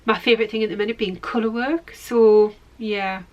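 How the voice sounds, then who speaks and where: A woman's voice: mid-range voice, fairly even intonation, moderate pace, dull audio. A middle-aged woman hosting a knitting podcast, rambling and self-deprecating in casual chat while showing her work to the camera.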